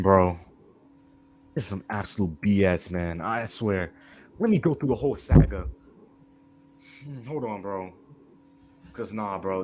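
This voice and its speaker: A man's voice: on the low side, noisy background. A young man hosting a fan stream, ranting angrily and repeating "bro" constantly. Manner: heated, repetitive, says "bro" constantly. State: fuming. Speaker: fan channel host. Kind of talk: angry live-stream rant.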